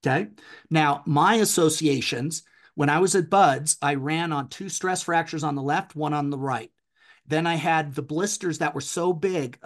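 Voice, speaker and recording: A middle-aged man telling a personal story as a podcast guest, with an intense, emphatic delivery. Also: on the high side.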